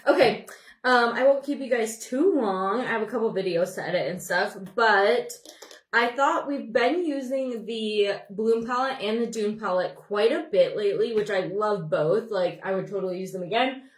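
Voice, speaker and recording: This beauty livestream host, a young woman from Montana, USA, does her makeup while chatting casually, rambling and saying hi to viewers by name. She talks at a medium pitch and normal speed, with a reverberant sound.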